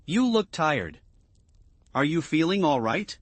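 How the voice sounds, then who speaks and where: A man's voice: a little high, very animated, takes it slowly, no echo, exaggerated voice. A man voicing an older woman, a mother-in-law whose cheerful, cloying concern hides her scheming, in a storybook narration. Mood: sugary.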